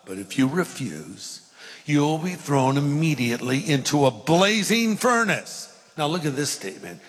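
A man's voice: a little high, fairly bright tone. A middle-aged male pastor preaching a sermon, reading scripture aloud and acting out the voices in it. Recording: long hall reverb.

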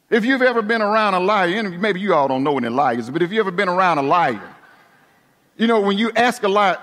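A man preaching a sermon, dramatic, dropping to a hush and then rising to emphatic points. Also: high-pitched, sing-song, quick pace. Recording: long hall reverb.

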